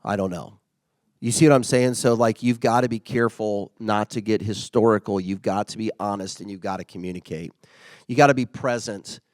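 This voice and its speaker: A man's voice: on the low side, brisk, no echo. A middle-aged man giving a casual, conversational motivational talk as a workplace leader. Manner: conversational, acts out quoted remarks.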